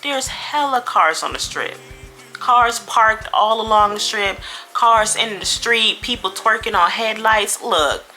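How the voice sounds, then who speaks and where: A woman vlogger telling a storytime in a chatty, slangy, animated way. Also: medium pitch, slow, soft background music. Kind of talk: casual storytime.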